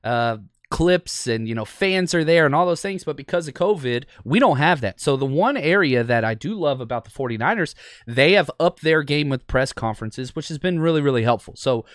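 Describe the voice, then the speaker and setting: A man's voice: on the high side, animated, a little fast, no echo, studio quality. A man hosting a sports podcast, talking casually and with enthusiasm, with lots of ums and uhs. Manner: chatty, enthusiastic, frequent fillers. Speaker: podcast host.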